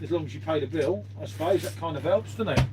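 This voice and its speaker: A man's voice: fairly high pitch, fast talker, noisy background. A man chatting casually with viewers on an early-morning live stream, swearing freely and calling everyone mate.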